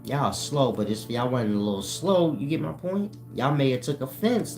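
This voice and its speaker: A man hosts his own channel, delivering a casual, profane monologue over music at a moderate pace with few pauses. His voice is medium-pitched, he calls his listeners "y'all," and he keeps checking in with "you get my point?" as he explains.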